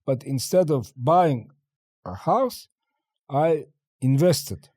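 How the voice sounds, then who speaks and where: An older man from China, a guest in an interview, telling stories in a lively way and acting out the dialogue. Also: fairly high pitch, slow pace, husky, dry recording, clean studio sound. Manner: animated storyteller acting out dialogue, laughing often. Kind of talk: interview storytelling.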